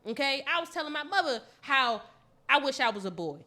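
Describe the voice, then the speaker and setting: Woman co-host, bright, sharp tone, emphatic storyteller. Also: high voice, lively intonation, fairly quick. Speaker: podcast co-host. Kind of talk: casual chat.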